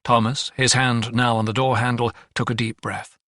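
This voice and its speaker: In a studio-quality recording free of echo, a man with a mid-range voice narrates an audiobook from a script. He keeps his storytelling measured and even.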